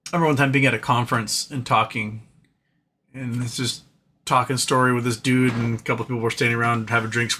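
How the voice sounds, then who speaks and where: A man hosting a live stream, talking fast and loosely, with many fillers and restarts. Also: medium pitch, bright, forceful tone. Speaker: livestream host. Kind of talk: casual live-stream chat.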